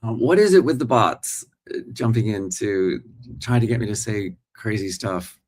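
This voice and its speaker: A man's voice: on the low side, moderate pace, darkish tone. A man in his forties, a working actor, hosting a casual live morning stream and chatting straight to his viewers. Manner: chatty, talks straight to viewers and reads their comments.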